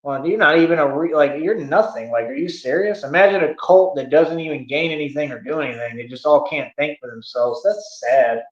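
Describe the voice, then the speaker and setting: Man streamer, bragging and taunting, slightly high voice, echoey dull-sounding room. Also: fairly quick, few pauses. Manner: boastful, taunting, slangy. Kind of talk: boastful livestream rant.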